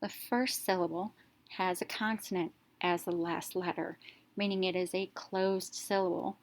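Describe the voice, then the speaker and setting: A woman with a fairly low voice teaching a phonics lesson. She walks through each step slowly and deliberately, sounding out letters one by one before blending them into a word. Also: steady tone.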